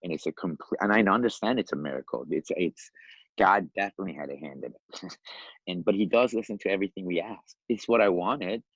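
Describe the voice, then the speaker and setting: A man in his fifties from Iran, a podcast guest telling his life story in a lively, animated way, often laughing and acting out the voices of other people. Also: low voice, fairly quick, husky, no room sound, lo-fi sound. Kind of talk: casual storytelling.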